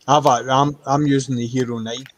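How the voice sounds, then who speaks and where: A man's voice: medium pitch, steady tone, a little hiss or hum. A man, a guest on a motorcycle livestream, joking and chatting casually. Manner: slow, joking. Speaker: guest vlogger. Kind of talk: casual chat.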